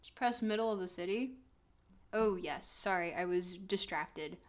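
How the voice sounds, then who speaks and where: A woman's voice: lowish voice, a little slow. A woman streaming a geography game, reading chat aloud and reacting with laughter and mock outrage. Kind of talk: casual game stream commentary.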